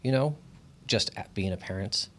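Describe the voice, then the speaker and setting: Low-voiced young man telling stories. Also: normal speed, a bit bright. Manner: thoughtful, storytelling, lots of likes. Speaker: podcast guest. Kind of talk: casual chat.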